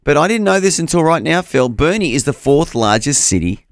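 A man's voice: a little high, big pitch swings, brisk, no room sound. A man co-hosting a breakfast radio show, upbeat, chatty and enthusiastic, on a studio microphone. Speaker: radio co-host. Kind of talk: casual breakfast radio chat.

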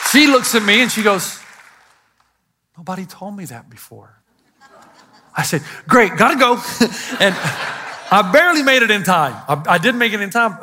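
An older man, a pastor, preaching a sermon to a congregation, telling stories and driving his points home with loud emphatic lines and quiet asides. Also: sits high. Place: church auditorium. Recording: live sermon in a large hall with long reverb.

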